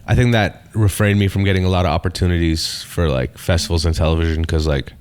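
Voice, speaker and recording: A man, a stand-up comedian telling stories in a casual podcast chat, swearing freely and talking with animated energy. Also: sits low, fast, clear, resonant tone. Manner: profane, storytelling, animated.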